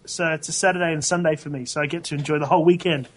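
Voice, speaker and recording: Co-hosting a laid-back tech podcast, this man talks rapid-fire in a steady tone with a voice on the high side. He rambles, keeps correcting himself, and laughs a lot.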